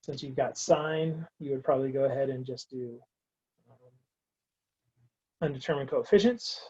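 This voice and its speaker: A man's voice: medium pitch, normal speed, a little mellow, slightly rough, highs cut off. A man teaching a recorded math lecture, working through steps aloud in a casual, wry way. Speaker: math instructor.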